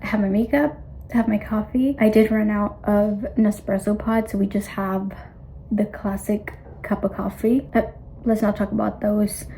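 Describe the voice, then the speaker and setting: A young woman chatting casually in a reading vlog, gushing as a fan and often dropping to a hushed, whispery voice. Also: mid-range voice, fairly even intonation, normal speed, slight background noise, rough recording. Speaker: book vlogger.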